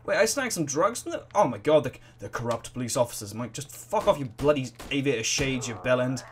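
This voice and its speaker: A man giving excitable, rambling let's play commentary full of swearing and reactions to the game. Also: mid-range voice, brisk, a little hiss or hum. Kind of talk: gaming commentary.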